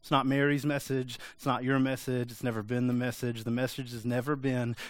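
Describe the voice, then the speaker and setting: Man, pastor preaching, relaxed and jokey, mid pitch, dry close recording. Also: moderate pace, no echo. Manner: casual, joking, conversational preaching. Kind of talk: sermon.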